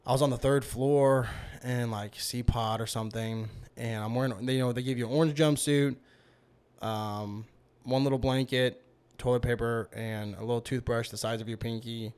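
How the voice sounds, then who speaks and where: A man's voice: medium pitch, steady tone, normal speed, darkish tone, clear, resonant tone. Man, podcast guest, casual storytelling, rambling, fillers. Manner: rambling, heavy use of fillers like "you know".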